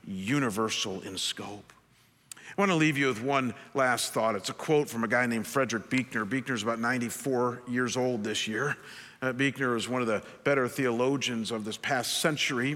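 A male pastor delivers a sermon in a conversational, earnest way, often restarting his phrases. His voice is bright and forward. The sound carries the long reverb of a large church hall. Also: mid-range voice.

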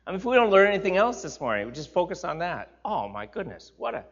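Animated man teaching a Bible class. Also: sits high, quick pace, husky. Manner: animated, emphatic repetition, chatty asides to listeners. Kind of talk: informal sermon teaching. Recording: slightly dull, lo-fi recording.

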